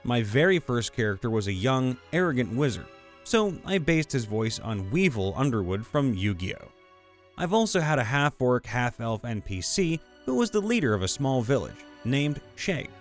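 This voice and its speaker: A man reads out tabletop game anecdotes in an animated, playful storytelling voice. His pitch moves a lot, and soft music plays underneath. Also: moderate pace. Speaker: narrator reading listener stories.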